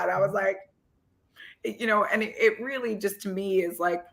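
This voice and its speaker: A woman guest on a podcast interview, telling animated stories and acting out the quotes with big jumps in pitch. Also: normal speed, vocal fry. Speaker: guest, former football coach. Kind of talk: lively storytelling in a podcast interview.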